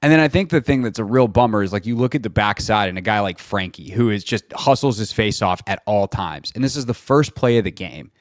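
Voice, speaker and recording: A man with a fairly low voice hosts a sports talk show and walks through game footage in loose, rambling chat. He keeps restarting his sentences and filling gaps with "um" and "like". The sound is dry and close, with no room in it. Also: lively intonation, a little fast, few pauses, no echo. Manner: chatty, many fillers and restarts. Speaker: sports radio host. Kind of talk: casual football film breakdown.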